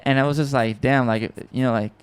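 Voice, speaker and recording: A man hosting a podcast, telling a story in a casual, excitable and rambling way with frequent swearing and restarts. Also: mid-range voice, fast talker, clear, resonant tone. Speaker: podcast host and music producer.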